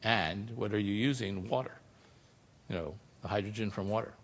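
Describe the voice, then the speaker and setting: A lower-voiced man presenting to an audience in an informal, chatty way, checking in with the listeners as he explains. His voice rings out with a long reverb from the hall around him. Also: normal speed. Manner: explains informally, often adds "you know" and "right?". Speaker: scientist giving a public talk. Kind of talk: conversational presentation.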